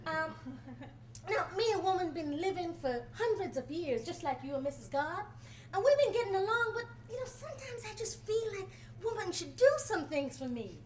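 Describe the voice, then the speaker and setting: A woman's voice: extremely high pitch, big pitch swings, normal speed, echoey room. A bossy first man, as a woman storyteller puts him on. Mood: demanding. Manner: bossy and wheedling.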